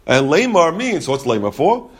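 A man's voice: a little high, sing-song, normal speed, breathy edge. A man teaching a Talmud lesson, explaining the text step by step. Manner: explains step by step, mixing Yeshivish terms into English.

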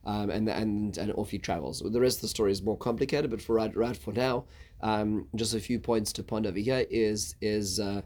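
A man teaching a casual Bible lesson, halting, with many stuttered restarts. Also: lowish voice, fairly even intonation, a little mellow. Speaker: Torah teacher.

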